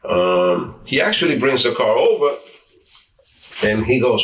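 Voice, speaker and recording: A man's voice: lowish voice, lively intonation, normal speed, fairly bright tone, distant mic, a little hiss or hum. A man from the New York area, an interviewee telling casual stories, who acts out quoted dialogue and often restarts his words. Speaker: interviewee, former street racer. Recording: roomy sound, mic set back from speaker.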